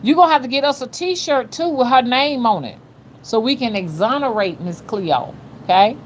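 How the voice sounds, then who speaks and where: A woman's voice: on the high side, expressive, normal speed, slight background noise. A middle-aged woman with an older-generation Alabama Southern accent, chatting casually with her livestream viewers in a folksy, repetitive way. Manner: chatty, folksy, repeats "you know what I'm saying". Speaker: spiritual rootworker host. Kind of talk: casual livestream chat reading viewer comments.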